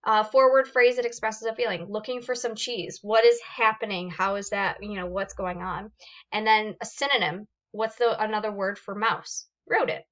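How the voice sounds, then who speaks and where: Woman teacher, bright voice, reading out sample poems for a class on a muffled lo-fi recording. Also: mid-range voice, moderate pace. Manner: explains step by step, reads examples aloud with fillers and restarts. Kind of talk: recorded classroom lesson on poetry forms.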